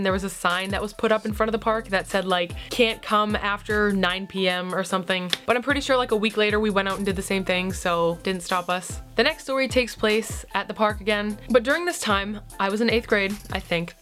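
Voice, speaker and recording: A woman's voice: mid-range voice, fairly bright tone. A young woman with a cold, chatting and rambling in a self-mocking way as she tells stories to her camera. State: has a cold. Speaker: vlogger. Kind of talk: casual storytime vlog.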